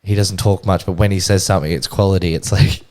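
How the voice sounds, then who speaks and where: Easygoing young man with a low voice. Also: fairly even intonation, fast, darkish tone. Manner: easygoing, prompting topics. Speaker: podcast co-host. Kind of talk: casual chat.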